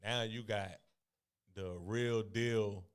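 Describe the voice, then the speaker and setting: A man's voice: on the low side, fairly even intonation, very slow, clean tone. A man hosting a casual interview, easygoing, laughing along and chiming in with short agreeing replies. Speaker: host. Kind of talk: casual chat.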